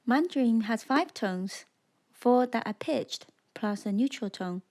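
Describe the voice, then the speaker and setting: A woman narrating a scripted beginner language lesson, speaking slowly and clearly and demonstrating sounds for the listener to repeat. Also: a little high, expressive, dark tone. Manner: slow, clear, demonstrating tones. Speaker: language teacher.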